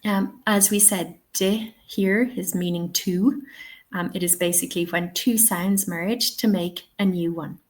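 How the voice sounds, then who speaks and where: Slow, patient Irish woman teaching. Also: lowish voice, fairly even intonation. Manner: patient, checks in often with "okay" and "all right". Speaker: TEFL trainer. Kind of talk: online teaching webinar. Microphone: webinar.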